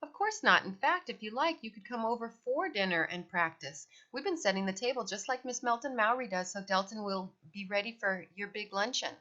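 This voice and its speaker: A woman voicing a gushing, sweet middle-aged mother in a storybook reading, high and effusive. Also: lively intonation, fairly quick, hardly any pauses, bright, forceful tone. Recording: dull lo-fi recording.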